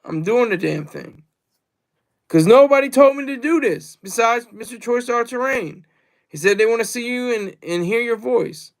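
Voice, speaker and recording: Guy with a really high voice just rambling on his livestream, keeps repeating stuff. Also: expressive, moderate pace. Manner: rambling and repetitive, reads chat aloud. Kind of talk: casual livestream monologue.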